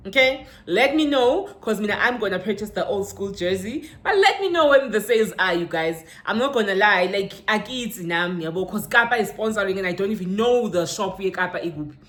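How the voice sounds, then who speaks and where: A woman's voice: mid-range voice, fairly quick, hardly any pauses. Chatty South African woman vlogger. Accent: South African, Zulu-inflected English. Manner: chatty, mixes in Zulu words, bursts up in excitement. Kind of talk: casual haul unboxing chat. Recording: roomy echo with faint ambience.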